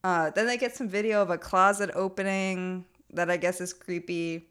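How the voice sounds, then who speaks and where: A woman's voice: lowish voice, fairly even intonation, normal speed, fairly bright tone, clean tone. A young woman casually recapping a TV episode as a podcast co-host, laughing often and filling her talk with "like". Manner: laughs often, many "like" fillers, mocking quoted voices. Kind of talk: casual chat recapping a TV show.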